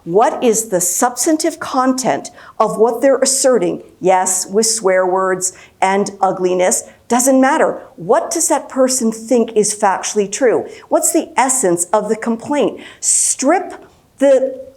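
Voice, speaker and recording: A woman's voice: on the high side, expressive, slow pace, darkish tone. A woman in her fifties, a mediator giving a conference lecture, speaking emphatically and repeating key phrases. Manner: emphatic and repetitive, acts out quoted speech.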